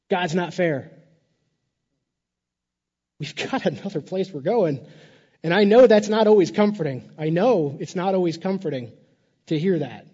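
A man's voice: high voice, expressive, normal speed, long pauses, mellow, husky, big-room sound, lo-fi sound. A man preaching a sermon in a conversational way, repeating words and adding playful asides. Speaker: pastor.

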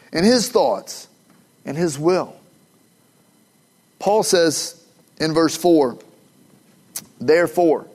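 Animated, emphatic preaching man. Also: on the high side. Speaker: pastor. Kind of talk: sermon.

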